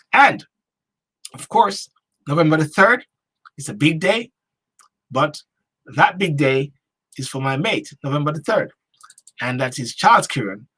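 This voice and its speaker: Emphatic man with a husky voice. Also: a little high, a bit bright. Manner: emphatic, repetitive, rhetorical. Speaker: talk show host. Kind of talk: opinion monologue.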